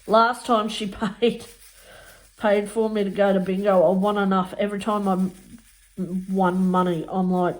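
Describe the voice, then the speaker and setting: A middle-aged woman who vlogs about crafting chats casually while she works, sounding a little mellow. She tells stories in a chatty way, acts out what other people said in higher voices, and laughs often.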